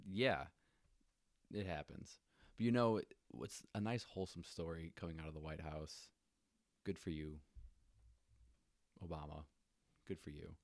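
Super deep voiced guy cohosting a podcast, chill and jokey, dry close mic. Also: darkish tone, dry recording. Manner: laid-back, lots of "like" fillers, joking asides. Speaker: podcast co-host. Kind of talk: casual chat.

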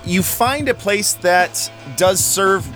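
A man narrating a tabletop game as game master, relaxed and joking. His voice sits a touch high, with faint music under it. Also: takes it slowly.

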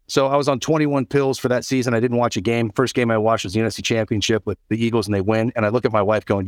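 A middle-aged man, an interview guest, telling a lively story on a video call and acting out the dialogue. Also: mid-range voice, fast, hardly any pauses, dry recording, studio quality.

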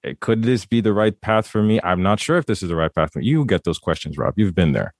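A man's voice: lowish voice, animated, quick pace, no room sound, studio quality. A man hosting a podcast interview, asking long, wordy, encouraging questions. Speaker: podcast host.

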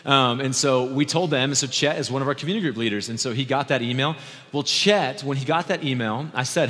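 A male pastor delivers a sermon in a relaxed, conversational way, speeding through asides and then slowing down and going quiet for emphasis. His mid-pitched voice rings out in a church sanctuary with a long, hanging reverb. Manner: conversational preaching that swings between brisk asides and slow, hushed emphasis.

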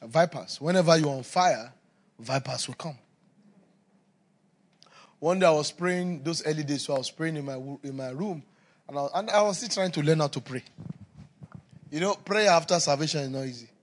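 Animated man preaching. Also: normal speed, long pauses. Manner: storytelling with laughter, swings from loud emphasis to low asides. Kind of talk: sermon.

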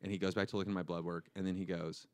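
A young man co-hosting a podcast, telling a story in a deadpan way and acting out the dialogue. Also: low-pitched, racing. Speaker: co-host. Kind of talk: casual storytelling chat.

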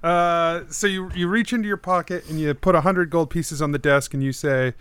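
A man's voice: fairly high pitch, fairly even intonation, normal speed, a bit bright, clear, resonant tone. A man narrating as game master in a tabletop game, with a hesitant delivery full of fillers.

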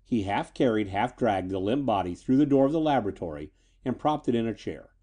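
A man narrating a scripted pulp story in an expressive, dramatic way. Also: fairly low pitch, fairly quick.

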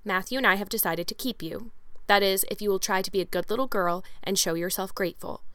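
A woman's voice: mid-range voice, quick pace, a bit bright, clear, resonant tone, no room sound, studio quality, close to an everyday voice. Woman doing a stern, curt spinster guardian. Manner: curt, disapproving, matter-of-fact. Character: stern, strict middle-aged spinster guardian.

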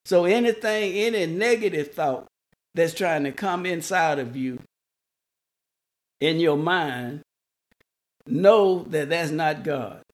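A man preaching a sermon, slow and repetitive, restarting words for emphasis. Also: fairly high pitch.

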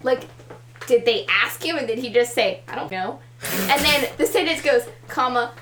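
A woman's voice: high-pitched, normal speed. A young woman co-hosting a podcast in casual chat, playful and laughing. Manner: playful, laughing, animated storytelling. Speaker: podcast co-host. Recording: echoey room with faint hum.

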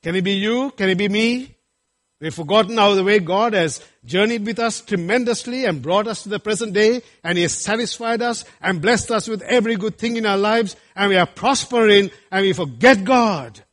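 A man's voice: sits high, moderate pace, fairly bright tone. A middle-aged male pastor preaching a sermon, emphatic and full of rhetorical questions.

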